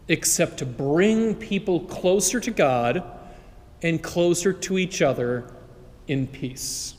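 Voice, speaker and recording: A male priest giving a homily in a relaxed, conversational storytelling way. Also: fairly high pitch. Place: large church. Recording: long church reverb.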